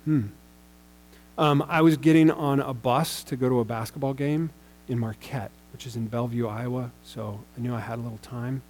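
A man's voice: medium pitch, steady tone, moderate pace, a little mellow, low-quality recording. A man in his forties, a pastor, telling a personal story in a sermon in a conversational way, with bursts of raised emphasis.

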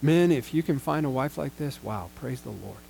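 A man's voice: mid-range voice, expressive, moderate pace, creaky, a little mellow, slight background noise. A man preaching a sermon, retelling scripture in a casual, conversational way with slangy paraphrased quotes and long passages read aloud. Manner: reads scripture aloud at length.

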